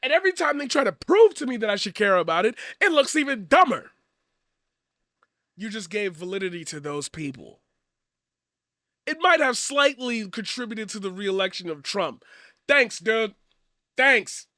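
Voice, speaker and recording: A man giving a profane, blunt commentary rant, swinging from loud shouting to quiet earnest talk. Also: high-pitched, sing-song, moderate pace, pauses often, no echo, clean studio sound. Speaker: commentary streamer. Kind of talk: ranting commentary.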